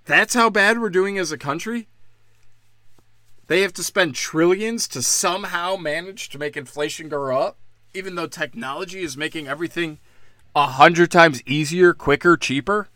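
This man's voice is on the high side, pushed and bright, at a moderate pace, recorded in studio quality with no echo. Hosting a podcast by himself, he rants angrily and sarcastically, cursing heavily.

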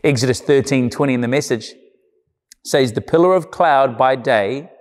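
A man's voice: mid-range voice, moderate pace. A man preaching a sermon in an earnest, conversational way, with emphatic repeated phrases. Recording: long church-hall reverb.

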